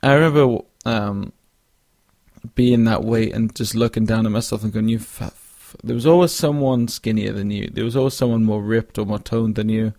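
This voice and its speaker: Sleepy and yawning at times, a young podcast host rambles alone on a casual show, full of fillers and restarts. He speaks at normal speed in a fairly low, slightly mellow voice, captured dry with clean studio sound.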